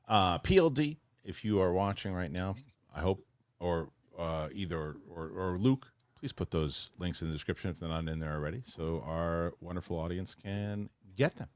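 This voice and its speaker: Deep-voiced chatty male show host. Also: dry recording. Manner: chatty, rambling with restarts. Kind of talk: casual chat and read ad.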